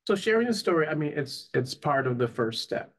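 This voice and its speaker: A man's voice: on the high side, sing-song, brisk, fairly bright tone. Earnest man telling his story. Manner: earnest, with frequent "you know" and "right?". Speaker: psychotherapist and life coach guest. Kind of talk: emotional personal storytelling.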